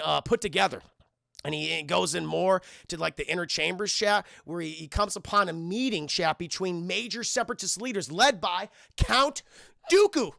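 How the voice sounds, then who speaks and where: A young man casually recapping a film scene by scene for his stream chat, rambling, swearing and acting out lines in quick character voices. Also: high-pitched, vocal fry, sharp tone, no room sound, clean studio sound.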